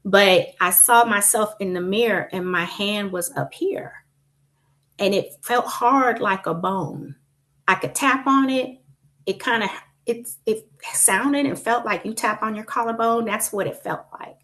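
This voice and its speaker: A woman guest on a panel, telling her own patient story in a chatty, lively way. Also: medium pitch, measured pace. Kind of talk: casual panel discussion.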